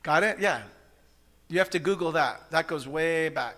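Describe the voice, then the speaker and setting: Bright-voiced animated male sermon leader. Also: on the high side, moderate pace. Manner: conversational, animated, bursts into loud shouts. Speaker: practitioner leading a service. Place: church sanctuary.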